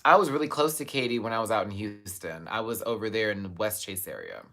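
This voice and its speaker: A young man hosting a live stream, reading viewer comments and chatting casually, with sudden high exclamations and bursts of laughter. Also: big pitch swings, fast, fairly bright tone.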